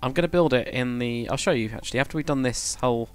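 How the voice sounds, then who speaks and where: A man's voice: medium pitch, quick pace, clear, resonant tone, soft background music. A man chatting casually to viewers on a live stream, rambling and correcting himself as he goes. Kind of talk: casual live-stream chat while building.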